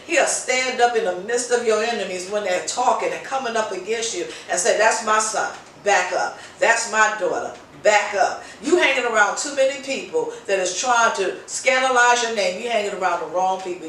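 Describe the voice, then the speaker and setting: A woman's voice: medium pitch, fairly quick, few pauses, fairly bright tone, a little hiss or hum. Passionate woman preaching in an echoey room. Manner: passionate, repetitive exhortation. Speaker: host. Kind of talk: informal preaching talk. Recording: very echoey, voice distant from mic.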